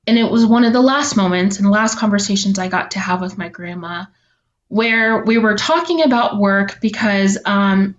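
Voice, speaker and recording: A young woman telling her story as a podcast guest, earnest and reflective, with frequent ums. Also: medium pitch. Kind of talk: heartfelt interview storytelling. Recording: slightly dull lo-fi audio.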